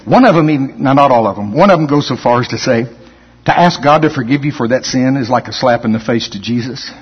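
A man's voice: medium pitch, slightly rough. A man preaching a sermon, telling stories with acted-out quotes and frequent laughs. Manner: animated storytelling, acts out quotes, laughs often. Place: church hall. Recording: muffled hall recording.

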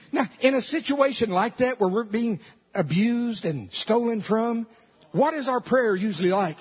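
Male pastor preaching at a church service, very husky voice, dull lo-fi sound. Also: very high voice, moderate pace. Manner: animated, swinging from loud to soft, with laughs. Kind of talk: sermon. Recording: dull lo-fi recording.

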